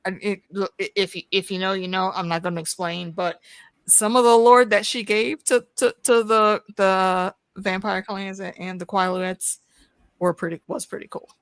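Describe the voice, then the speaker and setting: A woman's voice: mid-range voice, flat delivery, moderate pace, smooth, dry recording. Woman, podcast co-host, mid-range voice, dry close sound, chatty, playful. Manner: chatty, playful, stumbling restarts. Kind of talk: casual film discussion.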